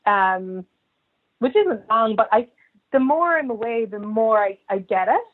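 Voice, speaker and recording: A woman's voice: on the high side, lively intonation, a little slow. A woman with an Irish accent, chatting casually as an interview guest and telling funny anecdotes full of "like" fillers. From Ireland. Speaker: guest, comedian and writer. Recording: tinny phone-line sound.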